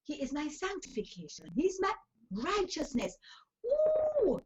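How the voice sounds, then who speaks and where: A woman's voice: high-pitched, big pitch swings, moderate pace. A woman giving an emphatic, preachy motivational talk full of scripture phrases. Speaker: talk show host and life coach. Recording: dull lo-fi recording.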